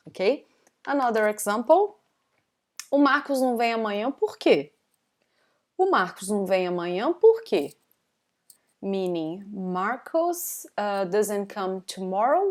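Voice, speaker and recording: Woman, Brazilian Portuguese accent, young adult, live online lesson, unhurried delivery, repeats examples, keeps asking "okay?". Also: mid-range voice, darkish tone. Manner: repeats each example twice, checks in with "okay?". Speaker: language teacher.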